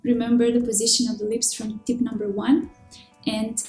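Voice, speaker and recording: A woman giving scripted, clear and measured pronunciation lessons, slowing down to demonstrate sounds. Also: fairly high pitch, little pitch movement, a little mellow. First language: Russian. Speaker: language teacher. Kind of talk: scripted instructional narration. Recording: roomy echo with faint background music.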